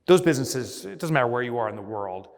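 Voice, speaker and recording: A man's voice: medium pitch, fast, creaky. A man giving a motivational business keynote on a conference stage, telling stories with energy and acting out scenes. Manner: energetic storyteller, mimics and shouts when acting out scenes. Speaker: keynote speaker. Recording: long hall reverb.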